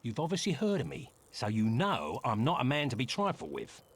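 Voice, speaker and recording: A man's voice: medium pitch, huge pitch swings, brisk, slightly rough. An actor playing an arrogant, impatient male bard hero in a video game, with haughty, sneering delivery.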